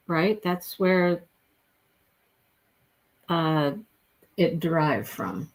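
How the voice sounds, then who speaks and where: A middle-aged woman hosts a casual crochet livestream and chats unhurriedly in a mid-pitched voice. She rambles and laughs often as she works. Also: expressive, very slow, long pauses. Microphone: phone.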